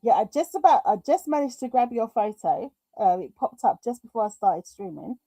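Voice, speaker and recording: A British woman hosts a live craft stream, chatting casually, reading viewer comments aloud, and talking herself through technical hiccups. Her voice is fairly high and warm, with lively intonation at a normal speed, and the recording is dry.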